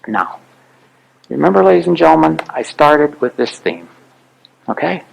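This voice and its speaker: A man's voice: a little high, lively intonation, moderate pace, vocal fry, low-quality recording. A man giving an earnest, emphatic public talk to an audience as an author and speaker.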